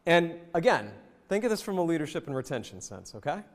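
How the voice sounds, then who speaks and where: A man from the American South giving a jokey, animated leadership presentation and talking straight to the audience in a hotel event hall. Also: fairly high pitch, fairly quick. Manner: lively, jokey, addresses the audience directly. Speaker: leadership speaker. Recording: long reverb in a hotel hall.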